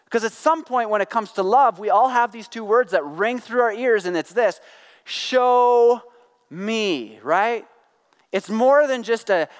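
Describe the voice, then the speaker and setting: A man's voice: sits high, a bit bright, smooth. A middle-aged man preaching a sermon to a congregation, conversational and joking, acting out the voices he quotes. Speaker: pastor. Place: church hall with congregation. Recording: long hall reverb.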